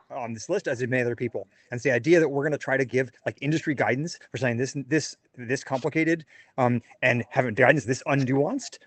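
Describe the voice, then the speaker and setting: A man's voice: medium pitch, husky, no room sound. A man speaking bluntly and dismissively at an open microphone in a standards meeting. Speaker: meeting participant.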